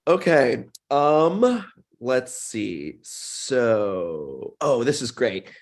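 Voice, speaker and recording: A man hosting a live video Q&A, effusive and playful, openly emotional and full of warm praise for his guest. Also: medium pitch, sing-song, drawn-out words. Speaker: host.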